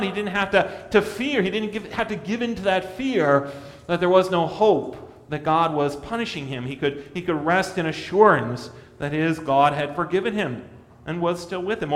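A man preaching a sermon, earnest, rising for emphasis and dropping to a soft hush. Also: big-room sound. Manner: earnest, rises in pitch and volume for emphasis, drops to a soft hush. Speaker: pastor.

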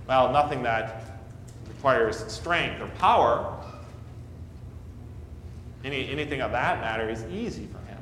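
A pastor preaching a sermon, stressing key words loudly and then dropping low and quiet. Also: male voice, slight background noise. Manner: emphatic, rising for stressed words and dropping to near-whispers. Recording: echoey hall, faint room ambience.

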